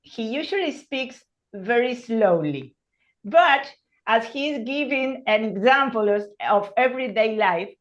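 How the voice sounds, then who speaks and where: Slow, hesitant Spanish-speaking teacher woman. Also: on the high side, lively intonation, dull audio. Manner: slow, hesitant, searching for words. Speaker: English teacher. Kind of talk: online class.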